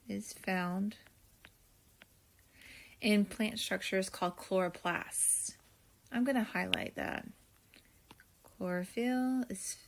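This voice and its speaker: With some vocal fry and a bit of background noise, a woman teacher of average pitch reviews her notes for a video lesson. Her pace is slow and deliberate as she thinks aloud while writing, and she talks to her students warmly and directly.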